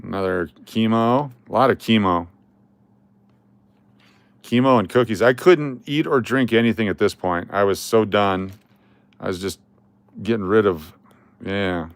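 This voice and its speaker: A man's voice: on the low side, unhurried, long pauses, no echo. A middle-aged man hosting a casual vlog, rambling and joking as he talks through old photos. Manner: rambling and joking, with chuckles and trailing restarts. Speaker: coin collecting channel host.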